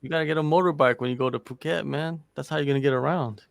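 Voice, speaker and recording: A man's voice: on the high side, fairly even intonation, fast talker, gravelly, no echo. A man joining a casual chat, telling stories in a jokey, drawling way. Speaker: co-host.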